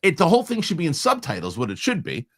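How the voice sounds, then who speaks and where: This film chat show host speaks fast in a slightly high voice whose pitch swoops wildly. Keeping the panel talk casual, he hammers points with emphasis and repetition.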